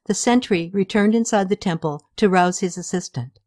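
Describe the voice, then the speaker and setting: Low-voiced woman reading a story aloud. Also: moderate pace, hardly any pauses, a little mellow. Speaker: audiobook reader. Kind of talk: scripted narration.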